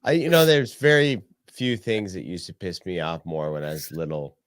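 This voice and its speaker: A man's voice: sits low, normal speed, dry recording, clean studio sound. A man co-hosting a podcast, chatting bluntly and profanely in a casual way. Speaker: podcast co-host. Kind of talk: casual chat.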